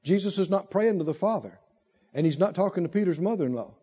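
Male preacher, high and animated, slow drawling emphasis, shouted peaks, dull recording. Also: slightly rough. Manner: animated, swings from low asides to loud shouted climaxes; drawls emphatic phrases slowly. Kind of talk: sermon.

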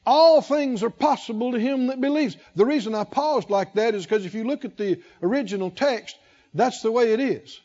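Man, pastor, sermon, high voice, slow emphatic preaching, dull lo-fi recording. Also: darkish tone. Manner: emphatic preaching, calls for congregation responses.

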